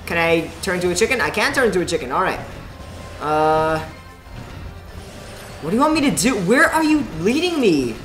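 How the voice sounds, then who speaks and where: A young man hosting a let's play, chatting excitedly to viewers as he plays. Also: sits high, normal speed, pauses often. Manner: excitable, chatty, talks to the viewers while playing. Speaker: gaming video host. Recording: roomy home recording. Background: faint game music.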